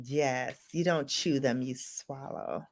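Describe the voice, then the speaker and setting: A woman hosting a casual live stream, teasing and laughing in an unhurried way. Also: a bass voice.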